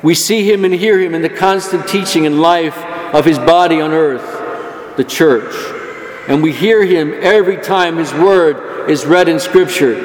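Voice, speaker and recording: Priest preaching in an echoey church. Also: male voice, fairly high pitch, normal speed. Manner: earnest, rising emphasis on quoted words of God. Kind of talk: sermon.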